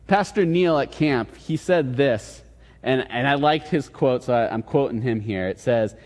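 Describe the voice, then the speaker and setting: A man's voice: mid-range voice, measured pace. A man preaching a casual sermon, retelling a Bible story in an easy conversational way with quoted dialogue. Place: church hall. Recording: long reverb in a large hall.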